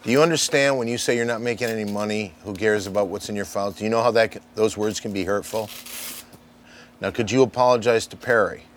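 A man who talks quickly and briskly. He coaxes and scolds people in a mock-serious tone while a light hiss sits behind his voice. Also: on the low side.

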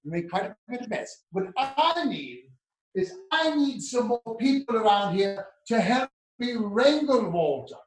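A man's voice: very high voice, very animated, a little slow. Man, prissy, theatrical, genteel, video call, roomy echo. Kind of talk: comic affected chat.

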